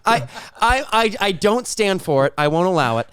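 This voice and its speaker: A man in the middle of a playful mock debate on a podcast, his voice smooth and resonant. He argues in a mock-serious way, trips over repeated words and laughs at his own lines. The sound is dry and close. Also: high-pitched, big pitch swings, normal speed, fairly bright tone, dry recording. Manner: mock-serious arguing, stumbling repetitions, laughing at own jokes. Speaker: podcast co-host.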